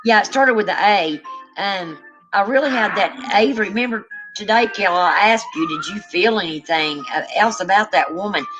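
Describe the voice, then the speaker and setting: A woman's voice: medium pitch, normal speed, highs cut off, music in the background. An older woman with a grandchild, chatting casually on a live stream, rambling, trailing off and yawning. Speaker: co-host.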